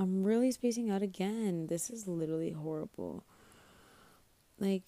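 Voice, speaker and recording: A woman's voice: mid-range voice, moderate pace, warm tone, dry recording. A young woman hosting her own podcast alone, rambling in a scatterbrained, self-mocking way, sleepy and swearing casually. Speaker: podcast host. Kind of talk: rambling solo podcast chat.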